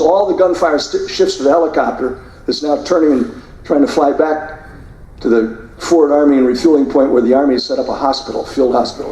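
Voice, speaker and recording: An older man giving a forceful speech, narrating combat footage and mimicking the people he quotes. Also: fairly high pitch. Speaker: guest speaker. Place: hotel banquet hall. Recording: echoey hall, voice from far off.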